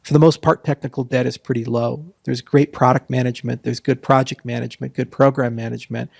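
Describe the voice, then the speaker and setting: A man's voice: medium pitch, flat delivery, quick pace, creaky, a little mellow, no echo, studio quality. A man talking as an interview guest, rambling through long answers and listing points, with sarcastic asides. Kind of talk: casual interview talk.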